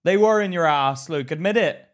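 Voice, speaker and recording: A man from Ireland co-hosting a podcast, talking in casual chat, animated and profane, acting out the voices of people in his stories. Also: on the high side, moderate pace. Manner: animated storyteller who swears and acts out quotes. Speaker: podcast co-host.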